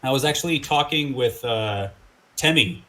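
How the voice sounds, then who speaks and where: A man talking as a guest in a casual interview, rambling with lots of fillers and animated quotes. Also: medium pitch, moderate pace, rough recording. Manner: rambling, filler-heavy, animated when quoting people. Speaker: guest musician.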